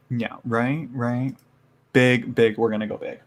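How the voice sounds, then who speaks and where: A man's voice: medium pitch, steady tone, unhurried, a little hiss or hum. Chatty man rambling through an unboxing. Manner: chatty, rambling, lots of fillers and laughs. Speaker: tarot reader unboxing a haul. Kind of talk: casual chat to live viewers.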